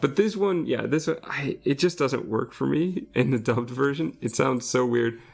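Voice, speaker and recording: A man co-hosting a podcast, chatting casually about a film and weighing up his opinions in a measured, thoughtful way. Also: medium pitch, creaky. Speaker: podcast co-host. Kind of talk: casual film review chat.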